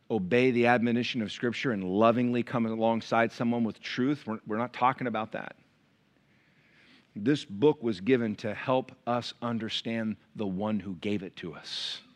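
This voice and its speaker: A middle-aged man preaching a sermon as pastor, animated and storytelling, swinging between loud bursts and hushed asides. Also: medium pitch.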